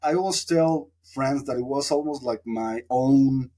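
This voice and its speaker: Man, podcast guest, mid pitch, rambling, reflective. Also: unhurried, mellow. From Mexico. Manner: reflective, rambling with many fillers. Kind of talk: casual storytelling interview.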